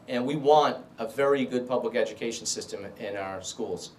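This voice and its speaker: A man's voice: mid-range voice, normal speed, a little hiss or hum. A middle-aged man giving an emphatic rally speech and answering questions as a political candidate. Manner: emphatic, repetitive stump-speech delivery. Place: club meeting room.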